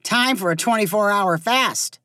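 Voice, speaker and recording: A woman's voice: medium pitch, measured pace, bright, forceful tone, dry recording, studio quality. A woman voicing a rude pet parrot that blurts out short, abrupt one-liners in a storybook reading. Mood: blurting.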